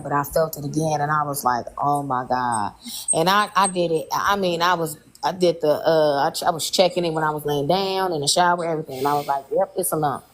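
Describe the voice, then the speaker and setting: A woman's voice: deep voice, poor audio. A woman in her late thirties telling a personal story in casual chat, candid and colloquial, with strong feeling. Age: 30s.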